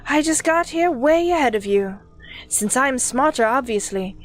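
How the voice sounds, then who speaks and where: A woman's voice: high voice, animated, normal speed, faint music behind. A woman voicing a pompous elderly man with a British accent who claims to be God. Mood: haughty. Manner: smug, self-important, condescending.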